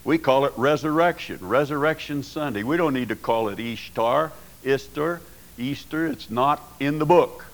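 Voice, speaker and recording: A pastor preaching a sermon in a folksy way, rising to emphatic peaks. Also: male voice, mid-range voice, moderate pace, hardly any pauses, poor audio.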